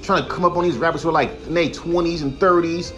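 A young man hosts a solo podcast and vents in a heated, profane rant, sometimes mocking others in put-on voices. His voice sits a little on the high side. Faint music plays softly behind him. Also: steady tone, fast talker, muffled recording. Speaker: podcast host.

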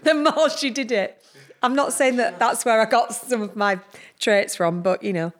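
A woman's voice: a little high, normal speed. A woman in casual podcast chat, light and self-mocking.

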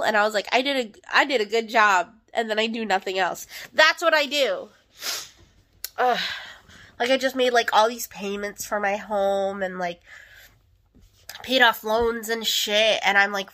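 A woman's voice: medium pitch, fairly bright tone. A young adult woman hosting a casual solo podcast, talking candidly in a rambling way with lots of fillers. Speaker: podcast host.

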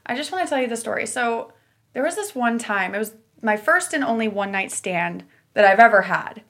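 A woman's voice: on the high side, lively intonation, a little fast, fairly bright tone. A young woman co-hosting a podcast, telling a candid, giggly story in casual chat. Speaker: podcast co-host.

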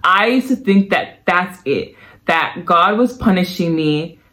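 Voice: medium pitch, animated, unhurried, a bit bright. A podcast host giving an earnest, reflective personal testimony about faith, repeating phrases for emphasis. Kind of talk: personal testimony, casual devotional talk.

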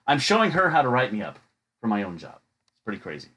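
A man's voice: lowish voice, wildly swooping pitch, quick pace, pushed and bright, husky. A man hosting a podcast, telling funny stories in a chatty, jokey way and acting out the people he quotes. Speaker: podcast host. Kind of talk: casual storytelling.

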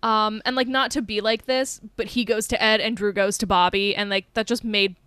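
A woman's voice: mid-range voice, steady tone, moderate pace, a bit bright, clean tone, dry recording. A woman co-hosting a podcast, chatting casually about a film with lots of fillers and the odd swear word. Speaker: podcast co-host.

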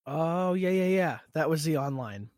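A man with a somewhat high voice jokes his way through casual podcast talk. The recording is dry and close, with no room sound. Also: animated, darkish tone, dry recording. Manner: joking, quick to laugh. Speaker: podcast co-host. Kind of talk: casual chat.

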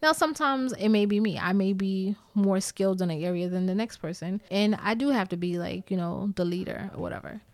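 A woman vlogger with a New York accent talks candidly to her viewers in a storytime format, blunt, emphatic, and swearing plenty. Her medium-pitched voice moves briskly with few pauses.

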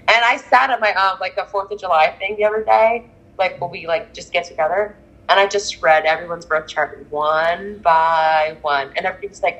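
A woman's voice: fairly low pitch, fairly quick, a bit bright, rough recording. A woman in casual chat, talking animatedly and acting out the people she quotes. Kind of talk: casual chat about astrology.

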